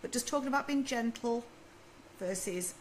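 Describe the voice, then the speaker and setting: A woman answers parents' questions on a live stream in a chatty, reassuring way, sharing practical advice. Her voice sits a little high. There is a faint hum of background noise behind her. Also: moderate pace, poor audio. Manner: reads questions aloud and advises in a chatty, reassuring way. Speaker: baby sleep consultant answering viewer questions. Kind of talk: live video Q&A.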